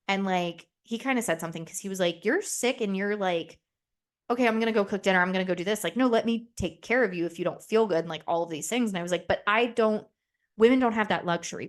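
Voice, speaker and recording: A young woman talks through a solo podcast in loose, candid chat. She swears freely and slips into quick voices for the people in her stories. Her voice sits in a middle register. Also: medium pitch. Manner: chatty, candid and profane, acts out quoted voices. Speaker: podcast host.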